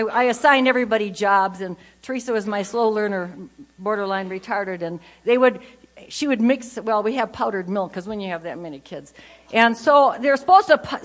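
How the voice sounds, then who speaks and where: An older woman giving a humorous faith talk at a conference, an animated storyteller who jumps between loud bursts and low asides. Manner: animated storyteller, quick jokes, voices her kids and others. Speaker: conference speaker.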